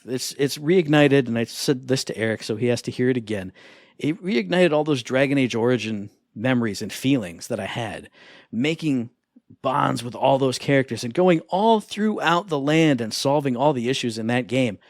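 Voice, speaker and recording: Male podcast co-host, excitable and animated, mid-pitched voice, dry close recording. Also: normal speed, no echo. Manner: enthusiastic, animated, acts out quoted voices. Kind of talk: casual chat.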